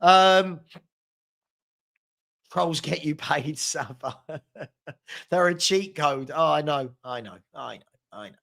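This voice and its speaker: A man's voice: on the high side, expressive, slow pace, gravelly, long pauses, fairly bright tone. A young man hosting a live football watchalong, reading out viewer comments with sarcastic banter. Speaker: fan channel host.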